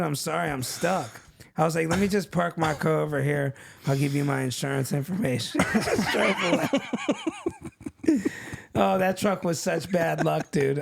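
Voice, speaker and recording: Gravelly, animated man telling stories. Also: medium pitch, dry recording. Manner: animated, laughing through stories, acts out other people's lines. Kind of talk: casual storytelling chat.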